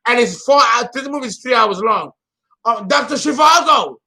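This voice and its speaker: A man talking as an astrologer in a casual vlog monologue. He is theatrical and emotional, and he swings between loud bursts and low murmurs. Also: lively intonation, moderate pace.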